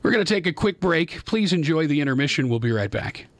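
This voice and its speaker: A man's voice: on the high side, animated, fast, loud music behind the voice. A man hosting a live call-in radio talk show from his studio, rambling and openly exasperated about his equipment. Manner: exasperated, rambling, self-deprecating. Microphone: studio microphone.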